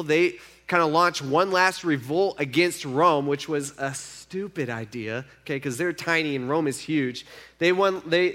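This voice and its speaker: Casual, swinging pastor preaching. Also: male voice, a little high. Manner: conversational, swings from hushed to emphatic. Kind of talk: sermon.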